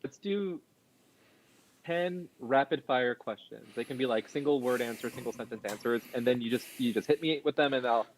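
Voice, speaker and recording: A man's voice: medium pitch, normal speed. Man, podcast host, casual chat, loose and swearing, slight background noise. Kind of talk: casual conversation.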